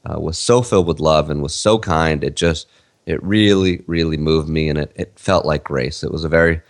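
A man in his thirties co-hosting a podcast, telling a story in a casual, rambling way with many fillers and restarts. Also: sits low. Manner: rambling, with fillers and self-corrections. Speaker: podcast co-host.

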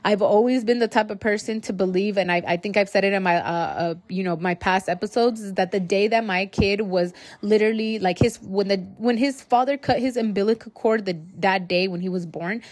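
A woman's voice: mid-range voice, fairly quick, hardly any pauses, a little mellow, dry recording. A young adult woman hosting her own podcast, talking loosely and profanely and calling her listeners guys. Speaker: podcast host. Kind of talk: casual solo podcast monologue.

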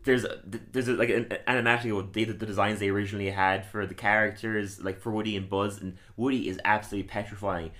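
A man's voice: lowish voice, fairly even intonation, fast talker, hardly any pauses, a bit bright. A man hosting a podcast in casual, rambling chat, often stammering over restarts. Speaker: podcast host.

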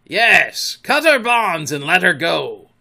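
A man's voice: high-pitched, very animated, slow, gravelly, sharp tone, voice pushed up, heavily acted. Man playing a boy faking a pirate captain. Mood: commanding.

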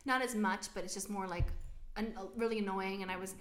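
A young American woman co-hosting a podcast, telling stories in a casual, animated way with lots of fillers. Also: medium pitch, a little fast, roomy sound. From United States. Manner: animated storytelling, many filler likes, laughs while talking. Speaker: podcast co-host. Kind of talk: casual chat.

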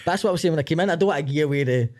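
Fast excitable Scottish man. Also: a little high. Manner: excitable, rambling, quick to laugh along. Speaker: podcast guest. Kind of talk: casual chat.

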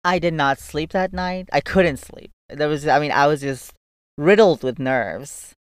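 A young man tells a personal story straight to camera, chatty and loose, with frequent "like" and casual swearing. His voice is smooth and clear. The sound is dry, as if recorded close to the mic. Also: a little high, measured pace, dry recording. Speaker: vlogger.

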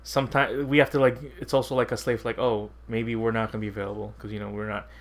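A man's voice: lowish voice, little pitch movement, fast talker. Laughing, rambling male podcast co-host. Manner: laughs often, loose rambling storytelling. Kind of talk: casual chat.

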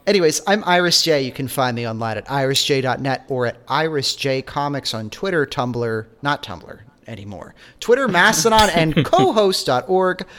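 A man's voice: on the high side, expressive, normal speed, few pauses, a bit bright. A man co-hosting a podcast in casual chat, rambling, swearing and correcting himself as he goes. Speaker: podcast co-host.

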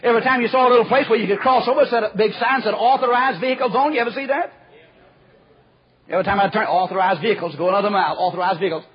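Man, preacher, folksy storytelling sermon, very high husky voice, muffled lo-fi sound. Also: rapid-fire. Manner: folksy, acts out quoted voices, drops to a hush. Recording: muffled lo-fi recording.

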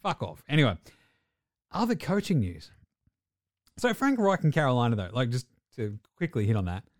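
A man co-hosting a casual sports podcast, swearing freely and acting out coaches in quick asides. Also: medium pitch, very animated, no room sound, clean studio sound. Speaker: podcast co-host.

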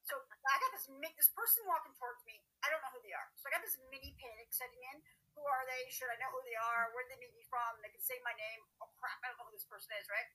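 A woman podcast host talks quickly, with a bright, slightly husky voice. She tells stories about herself in a self-mocking, animated way, like in a relaxed interview chat. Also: high-pitched, poor audio. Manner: self-deprecating, animated storyteller.

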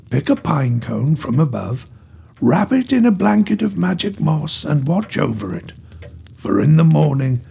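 A man voicing a gentle, wise ancient female nature spirit, speaking softly and slowly. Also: fairly high pitch, creaky, husky, exaggerated voice. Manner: soft, slow, soothing.

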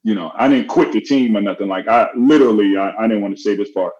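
A middle-aged man telling a story in casual chat, animated and acting out the voices of the people in it. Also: fairly low pitch, quick pace. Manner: animated, acts out quoted voices. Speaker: guest. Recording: dull lo-fi audio.

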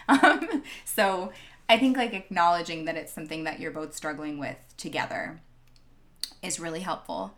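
Earnest woman, slightly low voice. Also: moderate pace, fairly bright tone. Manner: earnest, reflective, many "like" and "um" fillers. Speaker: guest, former teacher. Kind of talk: conversational interview answer.

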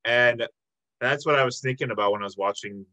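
Bright-toned casual male interviewer. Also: medium pitch, fairly quick, rough recording. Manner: loose, rambling, swears freely, many "like"s. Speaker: podcast interviewer.

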